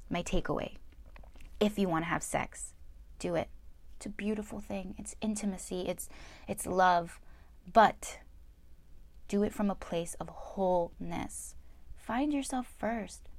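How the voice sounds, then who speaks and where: A woman's voice: fairly low pitch, dry recording. A young woman talking candidly and earnestly to her viewers in a confessional way, often repeating words for emphasis. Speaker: vlogger. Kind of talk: candid personal talk to camera.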